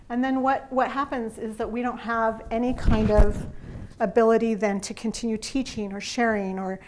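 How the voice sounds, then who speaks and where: A woman's voice: mid-range voice, a little mellow, a little hiss or hum. A woman teaching a faith-based parenting class to a live group, earnest and heartfelt in a conversational way.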